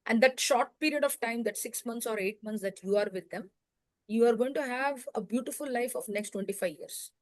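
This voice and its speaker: A middle-aged woman speaking as a podcast guest, giving earnest advice in measured phrases with pauses. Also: fairly high pitch, no echo. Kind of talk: reflective interview answers.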